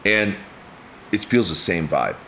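A man's voice: slow pace, vocal fry, a little hiss or hum. A man in his fifties telling stories in a casual chat, acting out quotes and laughing often. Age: 50s. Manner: animated storyteller, acts out quotes with big pitch jumps, laughs often. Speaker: guest.

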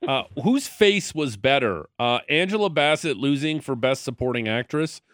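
A man co-hosting a sports radio show, asking questions in a halting, casual way with many fillers. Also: mid-range voice, lively intonation, a bit bright, no echo, clean studio sound. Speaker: radio co-host.

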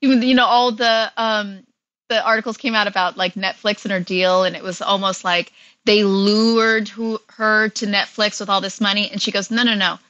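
A woman's voice: medium pitch, level tone, normal speed, a bit bright, no room sound, highs cut off. A woman guest on an interview, an actress chatting casually with lots of fillers and frequent laughs.

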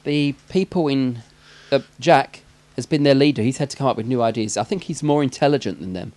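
A man's voice: medium pitch, brisk, a little mellow. English male co-host, casual rambling banter, laughs a lot. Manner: jokey, rambling, laughs often. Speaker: podcast co-host. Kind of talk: casual chat about a film.

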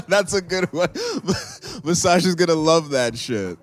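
A man's voice: fairly high pitch, expressive, slow pace, faint music behind. A man co-hosting a podcast in casual, loose and profane chat. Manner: laid-back, loose and profane. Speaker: podcast co-host.

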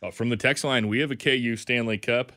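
A man's voice: medium pitch, fairly even intonation, fairly quick, bright, forceful tone, no echo. A young man co-hosting a radio show, chatting in a dry, matter-of-fact way. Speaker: radio co-host. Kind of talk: casual radio banter. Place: radio studio.

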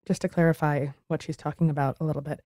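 A woman's voice: low voice, fairly even intonation, fast, warm tone. A woman hosting an interview, supportive and clarifying things for listeners. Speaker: host. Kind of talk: podcast interview.

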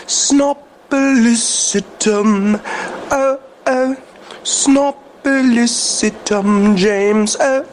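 A man's voice: very high-pitched, very slow, long pauses, a little hiss or hum, heavily acted. A man voicing an odd, chirpy Welsh male cousin who sings out his own name in a sing-song way.

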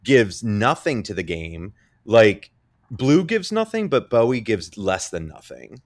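Low-voiced man, gossipy podcast chat. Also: very animated, measured pace, dry recording, clean studio sound. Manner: gossipy, quotes people in mocking voices. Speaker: podcast co-host. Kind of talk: casual chat.

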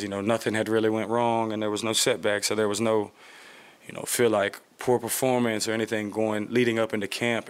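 Low steady guy at a press conference, flat delivery, lots of um and you know. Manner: relaxed, reflective, many fillers. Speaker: football player at press conference. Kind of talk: casual press conference answers.

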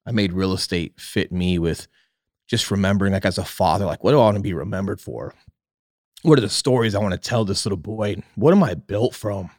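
Deep guy in his 30s, swears a lot, earnest, dry mic. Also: a little fast, darkish tone, no room sound. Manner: candid, profane, earnest. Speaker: podcast guest, realtor. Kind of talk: casual storytelling on a podcast.

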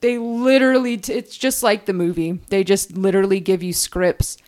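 A woman's voice: medium pitch, fairly even intonation, normal speed, darkish tone. A young woman co-hosting a podcast, telling a long story in casual chat, often restarting her sentences. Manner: rambling, self-correcting storyteller. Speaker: podcast co-host.

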